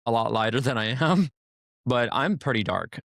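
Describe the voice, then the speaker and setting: A man telling stories in casual chat on a podcast, animated and acting out quotes, with frequent swearing. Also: medium pitch, moderate pace, vocal fry, dry recording, studio quality. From Hispanic family background. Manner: animated storyteller, acts out quotes, swears freely. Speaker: podcast guest. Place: podcast studio.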